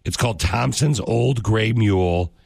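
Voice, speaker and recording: A man's voice: on the low side, a little slow, vocal fry, darkish tone, slightly rough, no echo. A man hosting a casual country radio show, joking and rambling with a co-host. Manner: joking, rambling, self-mocking. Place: radio studio.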